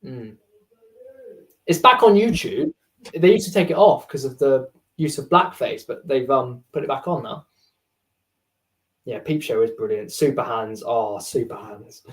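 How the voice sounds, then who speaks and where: A man's voice: mid-range voice, animated, unhurried, long pauses, fairly bright tone. A young man, co-hosting a podcast in casual chat and rambling enthusiastically with lots of "like". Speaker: podcast co-host.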